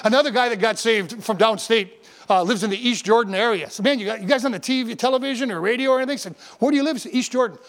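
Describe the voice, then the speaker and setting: A middle-aged male pastor with a notably high voice preaches a sermon. He moves from a casual story into emphatic, rising proclamation. He grew up in Michigan. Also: quick pace.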